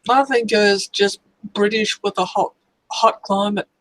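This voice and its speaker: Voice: medium pitch, fairly even intonation, unhurried, a bit bright, dry recording, rough recording. Wry Australian in their forties. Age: 40s. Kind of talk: casual voice chat.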